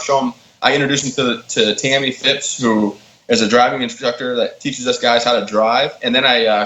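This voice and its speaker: A man in his thirties, a podcast guest, telling stories in a casual, animated way and acting out the quotes. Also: mid-range voice, a little hiss or hum. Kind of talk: casual storytelling. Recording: roomy, slightly dull sound with faint ambience.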